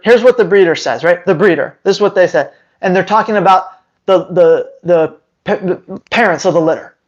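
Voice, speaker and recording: A man's voice: high voice, poor audio. A dog trainer talking to his viewers in a casual, sarcastic rant, with emphatic, rambling delivery. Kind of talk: casual opinion rant to camera.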